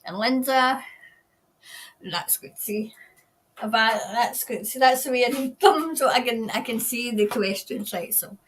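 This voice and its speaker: A woman's voice: a little high, a little slow, a little hiss or hum. A woman with a Scottish accent hosting a casual livestream, reading viewer comments aloud and greeting people by name. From Scotland. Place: New Zealand.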